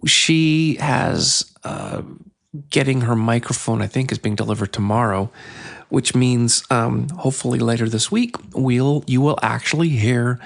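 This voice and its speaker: A man hosting his own podcast, telling a story in a chatty, playful way that grows more excited. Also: on the low side, gravelly. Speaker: podcast host. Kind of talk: casual solo podcast monologue.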